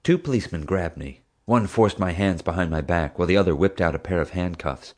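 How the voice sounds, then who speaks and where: A man reading an audiobook in steady, even first-person narration. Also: deep voice, fairly quick.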